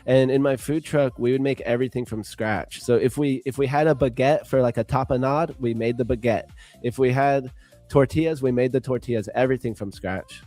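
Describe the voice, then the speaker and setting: A man's voice: mid-range voice, fairly quick, dark tone, no room sound, soft background music. A man chatting in an easygoing, friendly way on a livestream, joining remotely over a video call. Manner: easygoing, friendly, says "dude" a lot. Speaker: co-host on a livestream. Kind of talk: casual chat on a livestream. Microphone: video call, remote setup.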